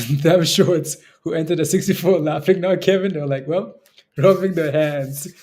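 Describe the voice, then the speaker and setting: A man's voice: a little high, moderate pace, a little mellow. A man hosting a live stock trading stream, chatting casually with viewers and chuckling often as he comments on the market. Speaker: stock trading livestream host.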